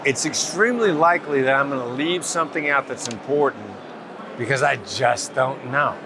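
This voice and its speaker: A man being interviewed as a negotiation expert, explaining in a calm, measured, patient way. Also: medium pitch, noisy background. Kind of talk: interview answers. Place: outdoors at a summit event.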